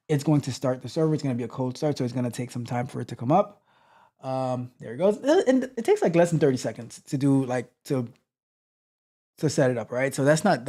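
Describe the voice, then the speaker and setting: Mellow-voiced man thinking aloud. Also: medium pitch. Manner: thinking aloud, halting restarts, trailing off. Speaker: tech coach. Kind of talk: live-streamed coding walkthrough.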